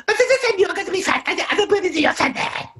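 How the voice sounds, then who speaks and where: Silly father, squeaky, sing-song, absurd, way up high. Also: lively intonation, quick pace, bright, forceful tone, exaggerated voice. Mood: mocking silly.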